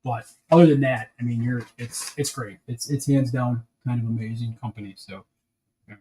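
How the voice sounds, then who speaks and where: A man's voice: mid-range voice, steady tone, moderate pace, warm tone, poor audio. A man chatting casually on a livestream as he builds a brick set, rambling and restarting his sentences.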